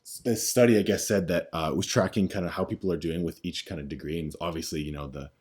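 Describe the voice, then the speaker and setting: A man's voice: low voice, steady tone, fast, darkish tone, slightly rough. A young man co-hosting a podcast in casual chat, blunt and opinionated, swearing casually. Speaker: podcast co-host.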